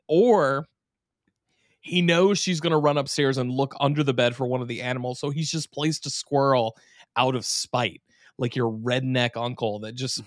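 A man's voice: medium pitch, dry recording, studio quality. A man co-hosting a casual podcast, animatedly recapping an episode with swearing and silly voices. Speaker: podcast co-host.

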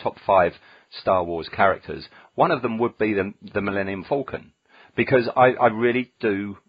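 A man's voice: fairly low pitch, moderate pace, husky, no room sound, muffled recording. A man hosting a casual podcast chat, musing aloud with dry jokes and many fillers. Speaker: podcast host.

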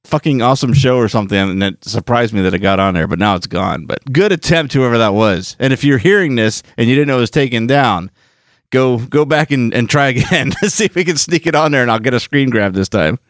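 A man chatting as a podcast host, his pitch swinging up and down as he rambles and corrects himself mid-sentence. The sound is dry and close, with no room around it. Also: expressive, brisk, dry recording. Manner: rambling, self-correcting, laughs easily. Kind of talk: casual chat.

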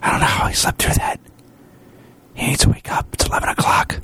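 A man hosting a podcast who whispers a quick update so as not to wake a sleeping guest. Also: bright, forceful tone, slight background noise. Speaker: podcast host, home brewer.

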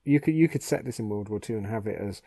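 A man co-hosting a fan podcast, agreeing often and thinking aloud in a relaxed way. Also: on the low side, quick pace, creaky, dry recording. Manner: agreeable, thoughtful, many yeahs. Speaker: podcast co-host. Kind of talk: casual fan discussion.

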